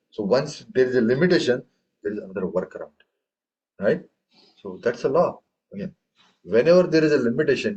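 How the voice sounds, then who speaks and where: A man's voice: mid-range voice, darkish tone, low-quality recording. A man teaching a tabla class, chanting rhythm syllables and quizzing his students. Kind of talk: classroom lesson.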